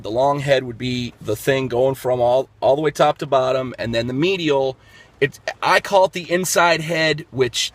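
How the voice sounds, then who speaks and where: A man's voice: mid-range voice, fairly bright tone. A man explaining workout technique in a casual fitness vlog, talking step by step with lots of fillers and restarts. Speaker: fitness vlogger.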